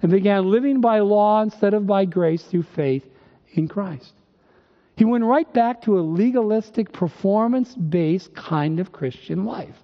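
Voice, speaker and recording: A man's voice: high-pitched, unhurried. An older male pastor from northern Minnesota, preaching emphatically with rhetorical questions and dry humor. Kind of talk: sermon. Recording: dull recording with long hall reverb.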